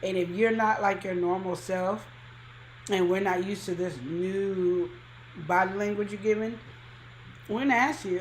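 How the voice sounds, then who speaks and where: A woman's voice: medium pitch, steady tone, unhurried, roomy sound, slight background noise, poor audio. A woman co-hosting a podcast, giving emphatic, colloquial relationship advice in casual chat. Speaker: podcast co-host.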